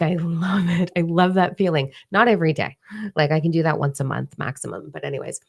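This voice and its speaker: Low-voiced woman host with a gravelly edge; casual live-stream talk, blunt and profane, acts out her reactions. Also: quick pace, darkish tone. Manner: candid, swears freely, acts out her own reactions. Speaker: host of a spiritual live chat. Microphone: microphone in front of her face.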